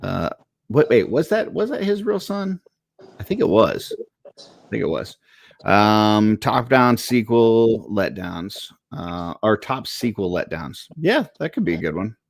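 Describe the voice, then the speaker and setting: A man co-hosting a casual live stream, rambling in a relaxed way, laughing often as he reads viewer comments. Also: on the low side, a little slow, creaky, no room sound, clean studio sound. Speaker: co-host reading viewer comments.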